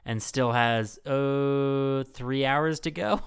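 Smooth-voiced man rambling on a podcast. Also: mid-range voice, takes it slowly. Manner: rambling, jokey, many fillers. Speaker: podcast host. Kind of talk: casual podcast chat.

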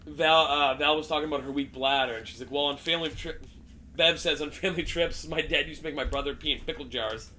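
A man's voice: a little high, quick pace, sharp tone, slight background noise. A man chatting casually and profanely about a movie with friends, rambling with lots of fillers.

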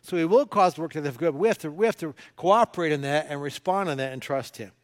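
A man's voice: on the high side, quick pace. A male pastor preaching a sermon, talking casually and coaxing the congregation to read scripture aloud with him. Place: church sanctuary. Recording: long hall reverb.

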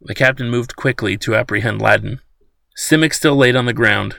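A man narrating an audiobook in a steady storytelling manner. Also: mid-range voice, normal speed, creaky, no room sound.

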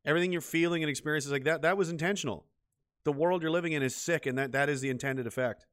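A male vlogger with a slightly high, somewhat bright voice speaks fast in a bitter solo rant. He's profane and heated, repeating himself as he goes.

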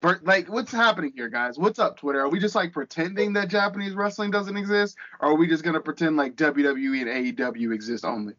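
A man's voice: on the high side, fast talker, hardly any pauses, fairly bright tone, lo-fi sound. A man co-hosting a podcast, ranting heatedly and sarcastically with a lot of swearing. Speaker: podcast co-host.

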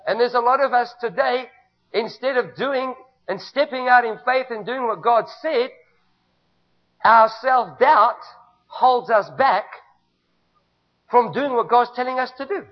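A man's voice: extremely high pitch, measured pace, long pauses. A male pastor with a South African accent preaching a sermon in a church, emphatic and repetitive, calling on the congregation to respond. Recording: dull lo-fi recording.

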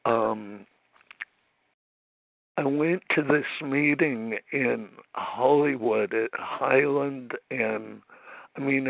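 A man shares his recovery story at a phone meeting, nervous and emotional, stopping and restarting often. He talks slowly, and his voice is heavy with gravel and creak. The line is thin and phone-like, with a dry, close sound. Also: mid-range voice, dry recording. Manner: halting, emotional, many restarts and pauses.

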